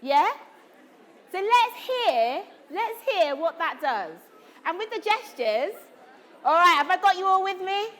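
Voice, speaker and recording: Her pitch is extremely high and her pace a little slow as this woman actor coaches students in a drama workshop. She animatedly calls out questions to a large room with a live audience, where some chatter can be heard in the background.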